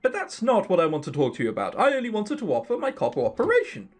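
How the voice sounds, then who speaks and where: A man's voice: high voice, wildly swooping pitch, fast talker, soft background music, heavily acted. A man voicing a smug, scheming young man who loves mischief, in a sly, drawling voice.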